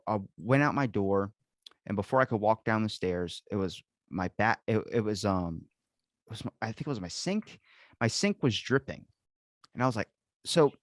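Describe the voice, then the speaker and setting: A man's voice: medium pitch, dry recording, studio quality. Profane rambling man telling a story. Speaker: podcast host. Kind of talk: casual chat. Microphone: video call.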